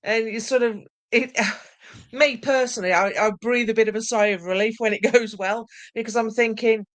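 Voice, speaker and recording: A woman's voice: on the high side, fairly even intonation, moderate pace. A woman guest in a casual live chat who organises paranormal events, talking in a friendly, reflective way over a video call.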